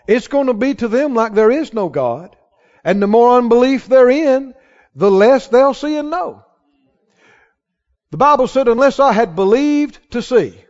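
A male pastor preaching a sermon to a congregation, emphatic and rising to shouts on key lines. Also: very high-pitched. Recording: dull sound with long hall reverb.

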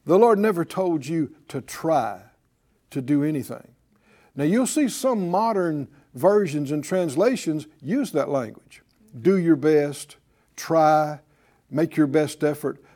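A man's voice: a little high, expressive, slow pace, mellow. A man preaching a sermon, building emphasis and drawing responses from his congregation. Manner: emphatic call-and-response preaching, rising in force. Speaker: pastor.

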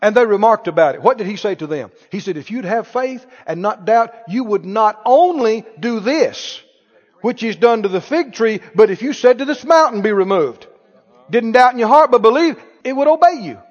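A man preaching a sermon, animated, asking the congregation questions and acting out scenes. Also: high voice, moderate pace. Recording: reverberant church hall, dull lo-fi sound.

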